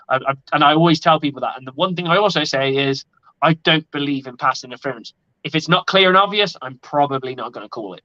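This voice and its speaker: A man's voice: a little high, fast, pushed and bright. Blunt, swearing man on a podcast. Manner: blunt, opinionated, swears freely. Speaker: podcast co-host. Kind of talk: casual sports podcast chat. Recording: lo-fi audio.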